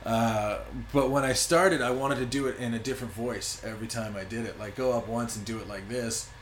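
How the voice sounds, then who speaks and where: A man's voice: medium pitch, brisk, slight background noise. A young man from Ontario, a stand-up comedian, chatting casually as a podcast guest, laid-back, swearing freely and laughing often. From Ontario, Canada. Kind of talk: casual chat. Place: apartment in Montreal.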